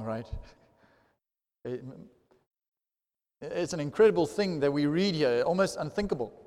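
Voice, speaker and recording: A man preaching a sermon, animated and swelling loudly to stress key points, recorded in a large hall. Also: a little high. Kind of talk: sermon teaching. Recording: long hall reverb.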